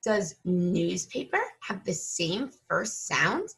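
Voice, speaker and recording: A woman teacher leading an early-reading lesson for young children, slow and patient, stretching out each sound. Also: mid-range voice, very animated, creaky, a bit bright.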